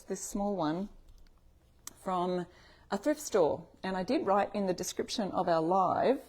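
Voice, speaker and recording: A woman's voice: lowish voice, darkish tone. Aussie lady doing a live craft demo, friendly chatter, reads out viewer names. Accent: Australian. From Australia. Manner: chatty, greets viewers by name. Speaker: craft tutorial host. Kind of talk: live-stream tutorial chat.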